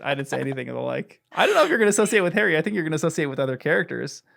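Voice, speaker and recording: Playful man with a gravelly voice. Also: fairly high pitch, sing-song, very fast, fairly bright tone. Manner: playful, laughs often, teasing questions. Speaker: podcast host. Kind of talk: casual book-club chat.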